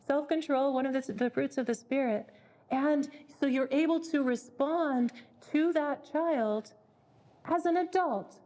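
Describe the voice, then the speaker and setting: A woman's voice: high-pitched, dark tone. A woman leading a parenting workshop, speaking earnestly and repeating words as she thinks. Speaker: workshop leader.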